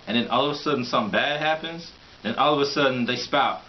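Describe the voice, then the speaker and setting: A male vlogger with a mid-range voice delivers a quick, rambling, opinionated monologue, mocking things and laughing often. The recording is dull and lo-fi with a faint hiss.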